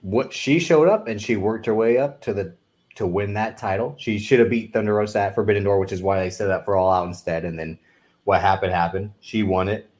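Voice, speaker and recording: A man's voice: on the low side, brisk, darkish tone. A man co-hosting a podcast, arguing his opinions in casual chat. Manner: opinionated, argues his picks. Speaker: podcast co-host.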